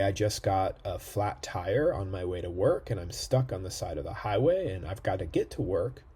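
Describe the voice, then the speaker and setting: A man's voice: on the low side, mellow, husky. A man giving a recorded lecture in a conversational way, thinking aloud with fillers and checking in with "right?".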